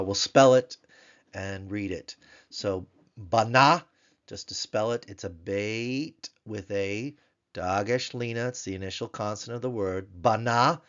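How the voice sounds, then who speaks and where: A man with a very low voice teaches a grammar lesson, spelling words out patiently and repeating them. The recording sounds dull and a little lo-fi.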